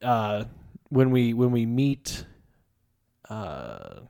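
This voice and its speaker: A man's voice: medium pitch, huge pitch swings, very slow, creaky, mellow. A man casually discussing a film on a podcast, rambling and laughing often. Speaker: podcast co-host.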